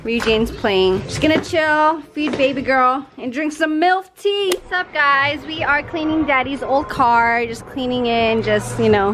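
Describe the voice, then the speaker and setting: Young mom vlogger, high voice, chatty, slips into sing-song baby talk. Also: female voice, a little slow, hardly any pauses. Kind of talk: casual family vlog.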